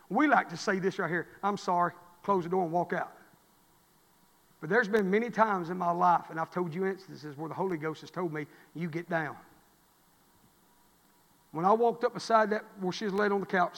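A middle-aged man, a pastor preaching a sermon, swinging between fervent, rising exhortation and quiet storytelling. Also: high-pitched, big-room sound. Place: church.

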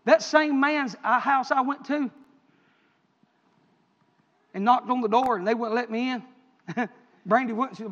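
A man preaching a sermon, telling stories with passion and swinging between loud and hushed delivery. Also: very high voice, animated, normal speed, pauses often. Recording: echoey hall, dull lo-fi sound.

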